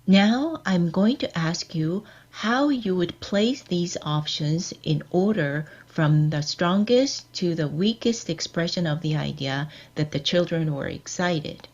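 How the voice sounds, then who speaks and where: A woman giving a scripted workshop lecture on editing, measured and explanatory, quizzing her audience. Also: on the low side, darkish tone, dull audio.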